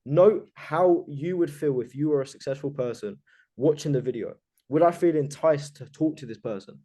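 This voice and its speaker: A man's voice: fairly high pitch, moderate pace, mellow. A man coaching a group on a video call, talking emphatically and with total self-assurance, swearing casually.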